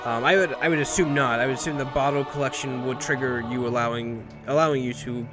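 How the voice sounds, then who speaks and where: A man's voice: mid-range voice, fairly even intonation, quick pace. A man giving casual gameplay commentary, rambling and jokey, swearing and correcting himself as he goes. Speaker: let's play commentator. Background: game music.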